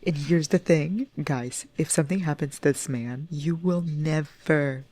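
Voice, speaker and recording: A young woman chatting casually in a book vlog, excitable and profane, gushing about what she reads. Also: deep voice, measured pace. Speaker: book vlogger. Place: at home indoors.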